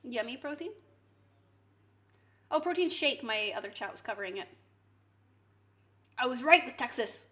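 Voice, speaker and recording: High-voiced playful woman streamer. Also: lively intonation, normal speed, long pauses, pushed and bright. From Canada. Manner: playful, teasing and chatty. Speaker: live streamer. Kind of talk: casual chat with viewers while cooking.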